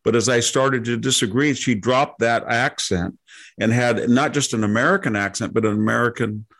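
A man co-hosting a podcast who tells a long personal story in a measured, conversational way. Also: medium pitch, a bit bright. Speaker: podcast co-host.

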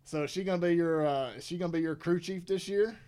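Relaxed co-host with a higher voice. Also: male voice. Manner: relaxed, halting questions. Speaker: podcast co-host. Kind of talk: casual interview chat.

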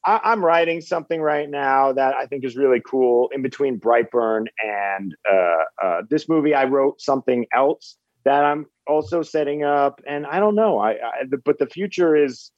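A man being interviewed about his film, speaking in a halting way with many restarts. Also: medium pitch, no room sound, lo-fi sound. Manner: halting, repeats words while thinking. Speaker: film director guest. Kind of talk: casual interview chat.

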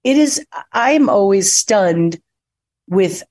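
A woman's voice: medium pitch, expressive, slow, a little mellow. A woman being interviewed in a casual chat, chatty and telling stories, acting out quotes. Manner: chatty storyteller, acts out quotes. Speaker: actress, interview guest. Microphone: phone call.

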